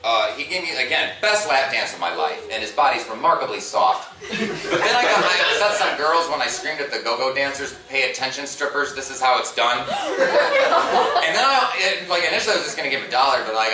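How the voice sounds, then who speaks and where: Animated stand-up comic in an echoey hall. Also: male voice, mid-range voice. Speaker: stand-up comedian. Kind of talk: stand-up comedy. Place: large convention hall. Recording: echoey hall recorded from far off, noisy.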